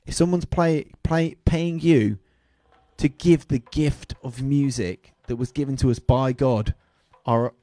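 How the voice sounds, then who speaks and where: A man's voice: mid-range voice, takes it slowly, warm tone, no room sound. A man hosting a DJ livestream, rambling and joking, swearing freely and trailing into asides. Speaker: DJ livestream host.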